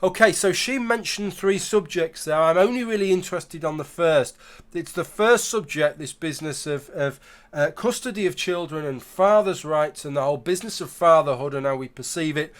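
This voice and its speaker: Man, fairly high voice, emphatic commentary with wry asides. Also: normal speed. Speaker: video commentator. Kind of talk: argumentative commentary.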